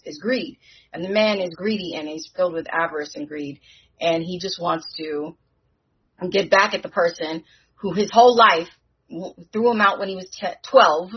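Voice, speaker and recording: Husky-voiced woman recapping a TV episode. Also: fairly low pitch, dull audio. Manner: animated, slangy, restarts often. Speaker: podcast host recapping a TV episode. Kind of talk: casual spoken recap.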